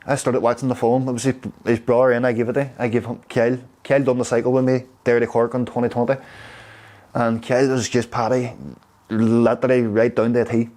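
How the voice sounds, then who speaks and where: Derry man, interviewee, tells stories with lots of pauses and fillers. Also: mid-range voice, flat delivery, darkish tone. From Derry, Northern Ireland. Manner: rambling, halting, with fillers. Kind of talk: casual storytelling.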